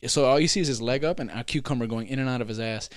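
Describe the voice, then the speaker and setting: A man co-hosting a casual sibling podcast, telling stories in an animated, profane way. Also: medium pitch, racing, smooth, no room sound, studio quality. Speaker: podcast co-host. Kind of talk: casual chat between siblings.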